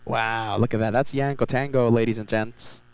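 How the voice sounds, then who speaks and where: A man's voice: mid-range voice, steady tone, moderate pace, clear, resonant tone, no room sound, rough recording. Upbeat man hosting a live stream. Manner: upbeat, repeats phrases, reads chat aloud. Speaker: livestream host. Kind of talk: live spotting stream commentary. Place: outdoors at a beach.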